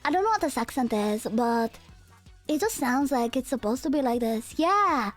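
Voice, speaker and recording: Shy anime girl, as a woman puts her on, sweet, soft, high, music faint behind. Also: expressive, normal speed. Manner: sweet, soft put-on voice with a vague accent.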